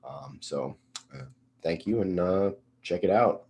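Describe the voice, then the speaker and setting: A man's voice: deep voice, lively intonation, a little mellow. A man in his late thirties from Massachusetts hosting a podcast interview, loose and casual with plenty of ums and easy laughter. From Northeastern Massachusetts. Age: late 30s. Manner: loose and laid-back, lots of ums, quick to laugh. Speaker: podcast host.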